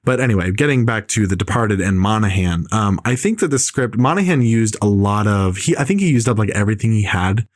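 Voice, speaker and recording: A man's voice: on the low side, expressive, no echo, studio quality. A man co-hosting a podcast, ranting in a casual chat with lots of fillers. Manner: rambling, rapid film rant with many fillers. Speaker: podcast co-host.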